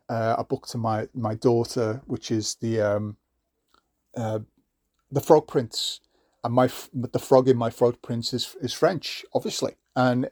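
A man's voice: mid-range voice, creaky, darkish tone, dry recording, studio quality. A middle-aged man, hosting a podcast in a rambling, casual way, with lots of fillers and restarts. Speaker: podcast host.

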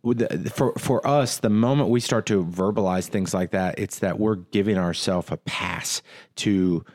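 A man's voice: deep voice, darkish tone. A married man co-hosting a casual talk about marriage, speaking earnestly and often restarting his sentences. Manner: earnest, halting, many restarts. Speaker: podcast co-host. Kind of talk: casual marriage advice chat.

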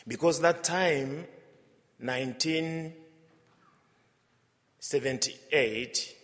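Slow Tanzanian priest in a reverberant church. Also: male voice, a little high. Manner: warm storytelling with frequent hesitations and laughs. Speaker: visiting missionary priest. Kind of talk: homily.

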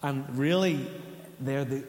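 A man's voice: medium pitch, slow pace, darkish tone, slight background noise. A man, preaching a sermon in a conversational way and asking the congregation questions. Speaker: pastor. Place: church hall. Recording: echoey church hall.

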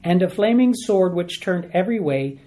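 A man's voice: high-pitched, lively intonation, normal speed, warm tone. A man preaching, teaching through a Bible passage verse by verse, asking questions and repeating key words for emphasis. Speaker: pastor.

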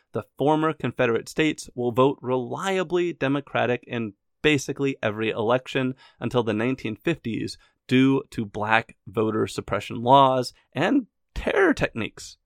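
A man's voice: medium pitch, lively intonation, moderate pace, gravelly, no echo, clean studio sound. A man narrating history in a scripted but conversational way, adding his own opinions and wry asides. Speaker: history podcast host.

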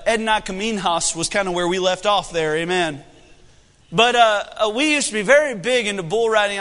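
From the pulpit, a young preacher tells a story as part of his sermon, speaking in a high, bright, ringing voice. His delivery is folksy and animated, with energy that rises and falls. A long echo from the hall follows his words.

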